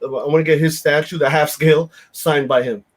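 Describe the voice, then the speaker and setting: A man's voice: fairly high pitch, steady tone, fairly quick. Blunt, profane man in his fifties. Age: 50s. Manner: blunt, profane, rambling with frequent fillers. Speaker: podcast host. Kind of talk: casual chat.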